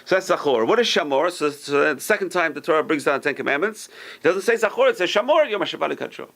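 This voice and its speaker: Speaking fast in a gravelly voice, a rabbi leads a live Torah class, bringing stories to life and voicing quotations with abrupt leaps upward. He talks to the whole room and keeps putting questions to the group.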